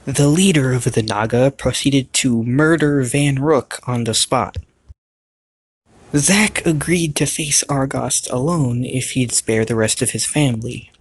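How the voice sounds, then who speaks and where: A man's voice: medium pitch, unhurried, husky, dry recording. A man narrating a recap of a cartoon series as a YouTube reviewer, playful, with jokey asides to the viewer. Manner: grows louder and more animated in the climax.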